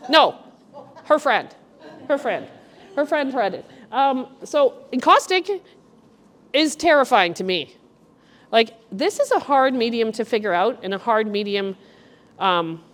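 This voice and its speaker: A middle-aged woman curator giving a chatty, animated walk-through talk to a group in an art gallery. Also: a little high. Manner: chatty, animated storyteller, addresses the group directly. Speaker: guest curator. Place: art gallery exhibition room.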